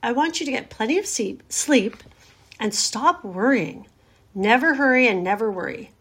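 A woman voicing a calm, wise female spider who talks in a cool, collected, motherly way. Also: on the high side, moderate pace, breathy edge. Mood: firm, soothing.

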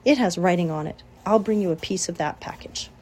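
A woman's voice: fairly low pitch, fairly quick, slightly rough. Grumbling sly male rat, as a woman puts him on. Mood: grumpy. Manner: grumbling, loud and raised.

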